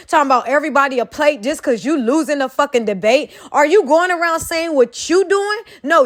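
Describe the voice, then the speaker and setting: Woman, angry profane rant, high voice, hammering rhetorical questions. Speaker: commentator.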